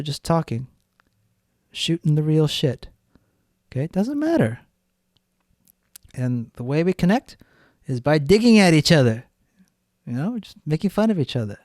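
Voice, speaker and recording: A man's voice: fairly high pitch, no echo, studio quality. A man hosting a solo podcast, talking bluntly and rambling, with lots of swearing. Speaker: podcast host. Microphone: studio podcast mic.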